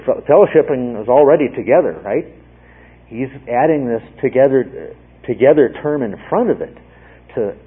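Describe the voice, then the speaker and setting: A Bible teacher with a husky, mid-range voice gives a Bible study lecture, explaining patiently and checking in often with his listeners. The recording has a narrow, phone-like band.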